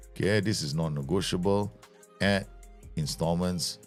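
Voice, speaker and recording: A man's voice: sits low, moderate pace, faint music behind. A man giving chatty, jokey live commentary as he streams a game.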